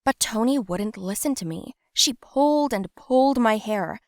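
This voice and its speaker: A young adult woman telling a scripted first-person story in a plain, steady way. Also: fairly high pitch, normal speed, no echo, studio quality. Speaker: narrator.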